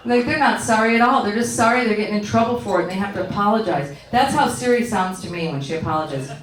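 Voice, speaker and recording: A woman's voice: mid-range voice, fast talker. A middle-aged woman doing a stand-up routine in a comedy club, telling exasperated, swearing stories. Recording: roomy, from far off.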